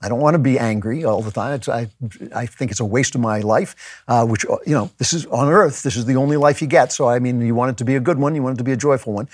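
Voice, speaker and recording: Male podcast host, husky, dry close sound, thinking aloud with restarts. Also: medium pitch, fast, no echo. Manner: conversational, musing, with frequent restarts. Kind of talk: reflective spoken monologue.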